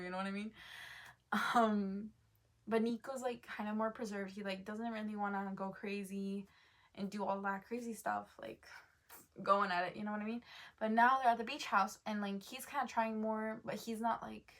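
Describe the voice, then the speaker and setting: A woman's voice: medium pitch, flat delivery, normal speed, a bit bright. A woman chatting casually about a book she read, rambling and full of fillers, stopping often to correct herself. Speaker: book reviewer. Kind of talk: casual book review chat.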